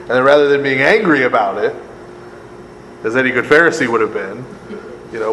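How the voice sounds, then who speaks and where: A man's voice: medium pitch, brisk, pauses often. A man, a priest, leading a Bible study lecture in a conversational way, often asking "right?", laughing and adding sarcastic asides. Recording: echoey room, long reverb, faint air conditioning hum.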